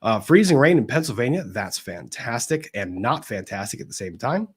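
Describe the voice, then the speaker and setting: A man hosting a casual live stream, reading viewers' greetings aloud in a chatty way, his pitch swinging up and down as he goes. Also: lively intonation, normal speed, husky. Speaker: livestream host of a legal commentary show.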